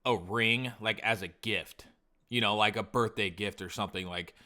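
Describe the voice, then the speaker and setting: Podcast co-host, male, deeper register, punchy bright tone, loose profane storytelling. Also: normal speed. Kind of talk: casual chat.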